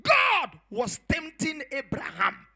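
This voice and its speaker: A man preaching a sermon as pastor, building to shouts on key phrases and hammering points home with repetition and rhetorical questions. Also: extremely high pitch, wildly swooping pitch, slow pace, creaky.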